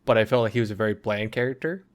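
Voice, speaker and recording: A man's voice: lowish voice, rapid-fire. A man co-hosting a casual podcast, talking in a loose, rambling way full of fillers. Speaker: podcast co-host. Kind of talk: casual chat.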